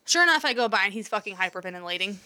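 A woman's voice: mid-range voice, expressive, racing, sharp tone, clean tone. A woman in her thirties chatting casually, telling a story animatedly and swearing freely. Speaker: podcast co-host, mother. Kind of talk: casual chat.

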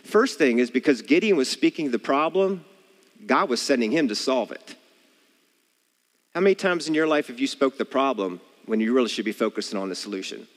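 An earnest male preacher who works through a story and keeps putting rhetorical questions to the listeners, his pitch swinging widely. His voice carries a long reverb, like a church hall. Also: expressive, a little fast. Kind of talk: sermon.

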